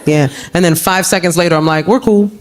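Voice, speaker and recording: A woman comedian performing a stand-up set on a club stage, animated and jumping into exaggerated voices for the people she quotes. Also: quick pace. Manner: animated, acts out quoted voices with big pitch jumps. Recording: live club recording, audience laughter and room noise. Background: audience laughter.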